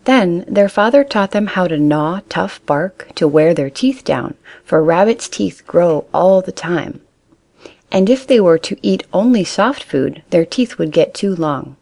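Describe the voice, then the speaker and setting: A woman reading a children's animal story aloud in a calm, even way. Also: on the low side, a little slow.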